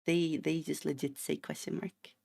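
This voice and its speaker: Playful Swedish man with a gravelly voice. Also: on the high side, level tone, normal speed, a little mellow. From Sweden. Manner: playful, rambling, mock-indignant outbursts. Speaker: streamer. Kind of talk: casual chat while gaming.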